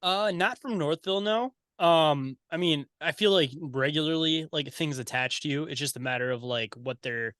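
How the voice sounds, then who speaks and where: A man chatting as a podcast guest, laid-back and profane, often tacking on "bro." His voice sits a little high. The recording is dry and close. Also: normal speed, hardly any pauses, a bit bright, no room sound. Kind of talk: casual chat.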